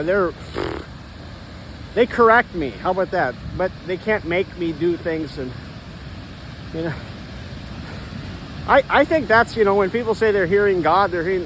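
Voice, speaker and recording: A man rambling in a casual walk-and-talk monologue on a trail, halting and restarting often, recorded on a phone. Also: sits high, a bit bright, slight background noise, rough recording. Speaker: vlogger. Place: outdoors on a trail.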